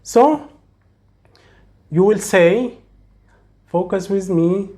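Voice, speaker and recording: Slow, patient male teacher. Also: sits high, a little mellow. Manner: slow, patient, demonstrates sounds and repeats them. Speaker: Arabic teacher. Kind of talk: slow, step-by-step recitation lesson.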